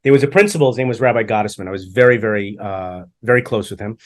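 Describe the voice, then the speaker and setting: A man's voice: lowish voice, quick pace. A middle-aged man co-hosting a podcast, telling stories from his school days in a joking, self-deprecating way and acting out the people he quotes. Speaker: podcast co-host. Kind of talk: casual storytelling chat.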